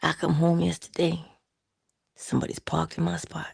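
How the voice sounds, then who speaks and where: A middle-aged woman hosting a casual motivational talk, telling personal stories with laughter and hushed asides. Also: low-pitched, normal speed, vocal fry, husky, dry recording, clean studio sound. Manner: animated storytelling, laughs often, drops into hushed asides. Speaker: channel host.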